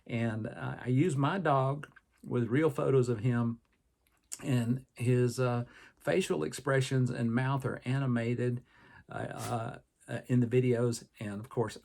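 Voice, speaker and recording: A man's voice: mid-range voice, vocal fry, darkish tone. An older man with a Southern American accent, hosting a podcast in a folksy, rambling monologue full of fillers. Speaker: podcast host and personal trainer.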